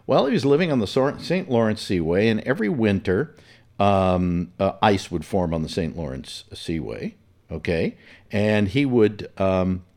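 Rambling male storyteller, lively pitch. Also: a little slow. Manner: rambling, with many fillers and self-corrections. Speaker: storyteller recalling personal memories. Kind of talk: casual storytelling.

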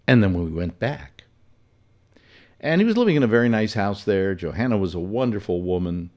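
Guy telling an old story, lots of ums and restarts, voice sits a bit low but swings around a lot. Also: sing-song, a little fast, darkish tone. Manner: rambling, with many fillers and self-corrections. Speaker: storyteller recalling personal memories. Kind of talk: casual storytelling.

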